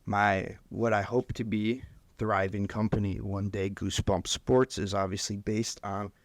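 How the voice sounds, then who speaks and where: Gravelly-voiced man hosting a sports podcast. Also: lowish voice, flat delivery, a little slow, no echo. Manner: joking, rambling, self-mocking. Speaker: podcast host. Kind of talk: solo sports podcast monologue.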